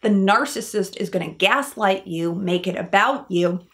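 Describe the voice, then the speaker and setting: A woman's voice: medium pitch, normal speed, hardly any pauses. A woman psychologist giving an educational talk to camera, explaining patiently and asking viewers rhetorical questions.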